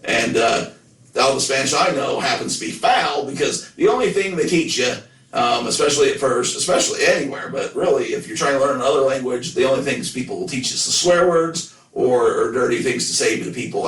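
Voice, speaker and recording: A man's voice: mid-range voice, lively intonation, brisk, a bit bright. American guy rambling on his podcast, joking around, sounds far off in an echoey room. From United States. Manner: rambling, joking, self-deprecating. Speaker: podcast host. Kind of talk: casual chat.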